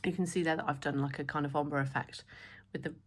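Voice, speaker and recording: A woman with a slightly hoarse voice, walking through a craft product demo in a chatty, enthusiastic way. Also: low-pitched, fairly even intonation, quick pace, slight background noise. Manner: chatty, enthusiastic, many fillers. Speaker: stamp designer presenting new products.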